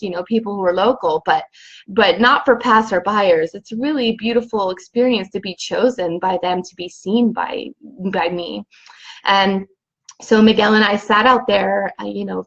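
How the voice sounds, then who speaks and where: A woman's voice: mid-range voice, muffled recording. A young woman telling a personal spiritual story in a dreamy, rambling way, full of "you know" and "like". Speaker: vlogger.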